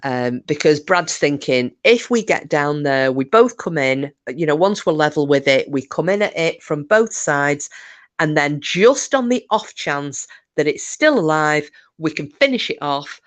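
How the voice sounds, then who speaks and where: A woman's voice: sits low, animated, measured pace. A woman casually telling a spooky story on a live stream, chatty and swearing, speaking to viewers.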